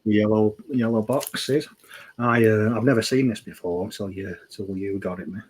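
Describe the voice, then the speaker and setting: A man with a lowish, husky voice chats loosely on a podcast. He swears a lot and trails off while hunting for words. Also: moderate pace, a little mellow, poor audio. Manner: sweary, rambling, loses his train of thought. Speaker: podcast co-host. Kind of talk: casual chat.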